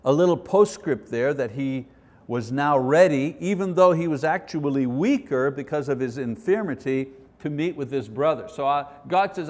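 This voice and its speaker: A man's voice: a little high, expressive, moderate pace, a little mellow. Earnest man teaching in a reverberant hall. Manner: earnest, conversational with reading aloud. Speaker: Bible teacher. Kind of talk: Bible study lesson.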